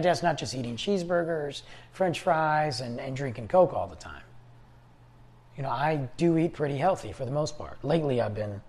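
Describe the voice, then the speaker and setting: A man with a fairly high, breathy voice hosts a podcast, rambling through casual solo talk and conversational storytelling.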